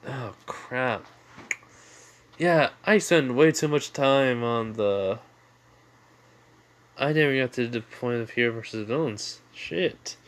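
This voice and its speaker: A man's voice: mid-range voice, slow, long pauses. Rambling young man telling a fan story. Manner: rambling, full of fillers and restarts. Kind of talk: casual improvised story retelling.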